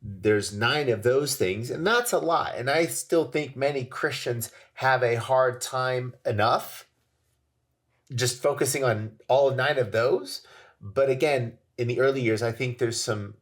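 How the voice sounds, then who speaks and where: A man giving an informal Bible teaching on parenting, emphatic, repeating his points and asking rhetorical questions. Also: medium pitch.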